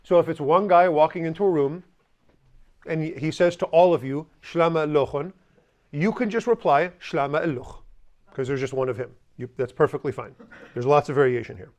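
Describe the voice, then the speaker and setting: A man's voice: fairly high pitch, expressive, a little fast. A man teaching a language class, drilling phrases with the students and adding joking asides.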